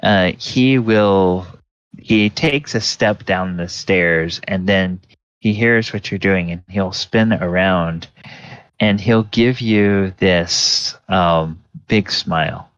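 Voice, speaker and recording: Slow, halting low-voiced male game master. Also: fairly bright tone, clear, resonant tone, dry recording. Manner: slow, halting narration with many ums. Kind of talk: narrating a tabletop game. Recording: slightly dull, lo-fi recording.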